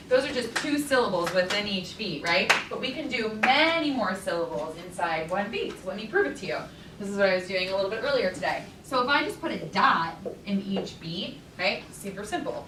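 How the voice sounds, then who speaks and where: A woman teaches a class, chanting beats and syllables in lively bursts. She is picked up by a camera across an echoey classroom, with noticeable noise behind her. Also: mid-range voice, moderate pace. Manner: energetic, rhythmic chanting of beats. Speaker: teaching artist. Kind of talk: classroom lesson. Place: school classroom. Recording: echoey classroom, far from the mic, noisy.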